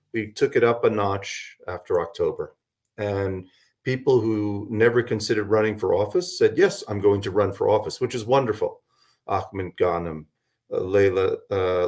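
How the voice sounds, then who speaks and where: A man's voice: on the low side, a little mellow. A man who is a guest on a talk radio show, his voice worn out, giving a meandering, hesitant debrief with many fillers. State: voice worn from a long night. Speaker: guest, local political organizer. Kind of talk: radio interview, recapping events.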